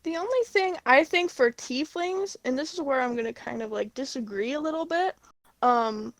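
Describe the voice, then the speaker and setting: A woman's voice: high voice, moderate pace, no room sound. A woman from Illinois co-hosting a casual world-building chat, easygoing and full of "like". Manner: easygoing, laughs along, filler "like". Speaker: podcast co-host.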